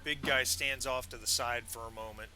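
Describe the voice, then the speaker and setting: A man narrating as game master of a tabletop game, rambling with many pauses and restarts. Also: medium pitch, steady tone, pushed and bright.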